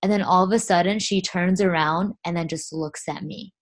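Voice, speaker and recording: A young woman in casual conversation, telling stories in a lively way with lots of "like.". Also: fairly low pitch, moderate pace. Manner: lively, laughing storyteller with lots of "like". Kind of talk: casual chat.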